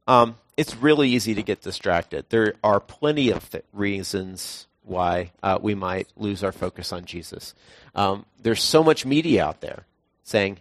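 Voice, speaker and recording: A young man preaches in a loose, conversational style, sharing stories from daily life and breaking into a sudden high voice for quoted lines. He sounds expressive and keeps a measured pace.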